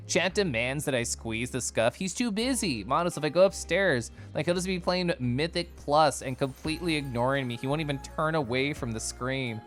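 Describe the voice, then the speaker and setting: A male streamer chatting with his viewers in a teasing, giggly way. His pitch swoops up and down constantly. Soft music plays faintly behind him. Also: animated, normal speed. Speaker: livestreamer. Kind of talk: casual chat with stream viewers.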